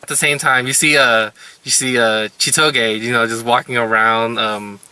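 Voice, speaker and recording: A man's voice: mid-range voice, fairly even intonation, normal speed, pushed and bright, smooth. A man casually recapping anime episodes as a reviewer, rambling with lots of filler words. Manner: rambling, heavy use of "like" and "you know".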